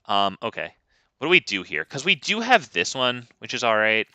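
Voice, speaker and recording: A man's voice: medium pitch, big pitch swings, normal speed, pushed and bright, no echo. A young man giving casual, wry gameplay commentary with lots of ums, close to a desk mic.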